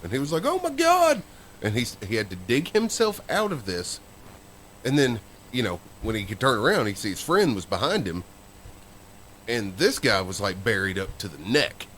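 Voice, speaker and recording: A man's voice: fairly low pitch, sing-song, normal speed, a bit bright, a little hiss or hum. A man co-hosting a podcast, telling a story in a rambling, casual way. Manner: rambling storyteller with fillers and restarts. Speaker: podcast co-host.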